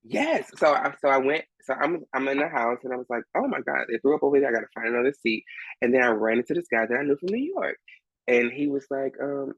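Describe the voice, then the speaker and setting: A man tells a backstage story as an interview guest, his voice swooping high and low as he acts out everyone in it. His tone is gravelly and a little husky. The sound is close and dry. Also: quick pace, dry recording, lo-fi sound. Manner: lively, acts out voices of people in his story, laughs often. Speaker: guest, Broadway swing performer. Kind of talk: animated storytelling in conversation.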